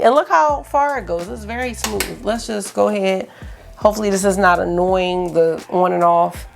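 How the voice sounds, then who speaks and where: A woman vlogger chatting excitedly through a makeup swatch review, rambling with lots of asides. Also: medium pitch, moderate pace, vocal fry, faint music behind. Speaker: beauty vlogger.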